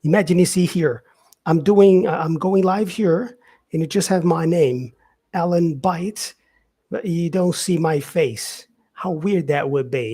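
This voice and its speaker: A man teaching English vocabulary on a live stream, explaining slowly and filling pauses with "yeah" and "um". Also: on the high side, mellow, slightly rough. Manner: explains slowly, with many fillers and repeated "yeah". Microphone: facing camera, streaming live.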